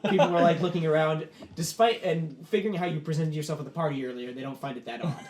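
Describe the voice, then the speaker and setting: A man's voice: a little high, fairly even intonation, fast talker, a little mellow, echoey room. A man running a tabletop game as game master, narrating the scene in a loose, filler-heavy way.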